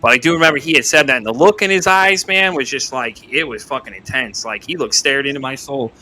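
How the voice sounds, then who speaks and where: A man hosting a casual podcast chat, talking quickly with a bright, forward voice. He is earnest and curses freely as he recounts what people told him. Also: mid-range voice, a little hiss or hum, rough recording. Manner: earnest, swears freely, retells conversations. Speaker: podcast host.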